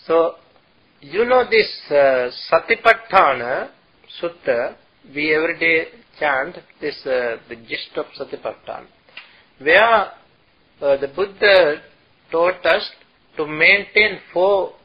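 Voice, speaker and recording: Man, Buddhist dharma talk, high voice, husky, lo-fi sound, chants verses. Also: animated. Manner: slow and halting, chants Pali verses. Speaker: Buddhist monk teacher. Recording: dull lo-fi recording.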